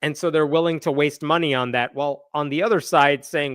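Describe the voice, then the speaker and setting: Man, live news host, sarcastic, exasperated, higher voice, dry close mic. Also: fairly quick, few pauses, no echo.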